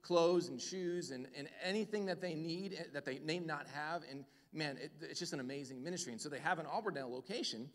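Enthusiastic pastor, a bit high-pitched, announcing from a reverberant church hall. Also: male voice, fairly quick, hardly any pauses. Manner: energetic, enthusiastic, fillers like "man". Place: church sanctuary.

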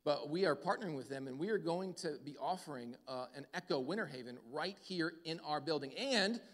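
Enthusiastic pastor, a bit high-pitched, announcing from a reverberant church hall. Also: male voice, fairly quick. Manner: energetic, enthusiastic, fillers like "man". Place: church sanctuary.

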